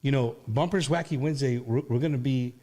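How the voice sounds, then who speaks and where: A man from Texas hosting a podcast interview, excitable and slangy, mixing in Spanish phrases. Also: medium pitch, a little fast. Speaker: podcast host. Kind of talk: casual interview.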